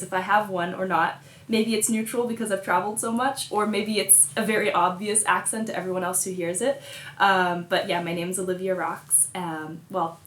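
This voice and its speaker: A woman's voice: mid-range voice, fairly bright tone, reverberant. A young woman from Colorado, a musician, chatting casually and answering fan questions with bubbly giggles and plenty of fillers, talking from a hotel room. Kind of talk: casual chat.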